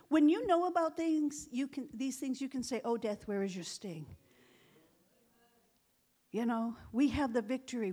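A woman's voice: sits high, a little mellow. A middle-aged woman pastor preaching a sermon, telling stories in a chatty way and laughing often.

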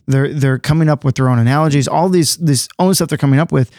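A man's voice: on the high side, quick pace, darkish tone, dry recording. Man, podcast panelist, medium voice, dry studio mic; easygoing explainer who restarts his sentences. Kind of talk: casual panel discussion.

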